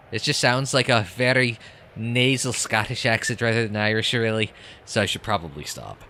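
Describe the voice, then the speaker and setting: A man's voice: fairly low pitch, moderate pace, bright, forceful tone, slight background noise. A man commentating his game playthrough with sarcastic, sweary asides and reading the dialogue aloud. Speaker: let's play commentator.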